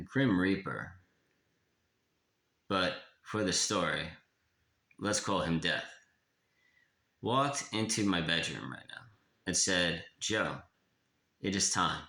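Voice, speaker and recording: A man reads his own confessional writing aloud, somber and unhurried. His voice is extremely deep and gravelly, with a bright edge. It sounds roomy and echoey. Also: expressive. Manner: somber, confessional, slow in places. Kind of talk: reading a personal memoir aloud. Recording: echoey room.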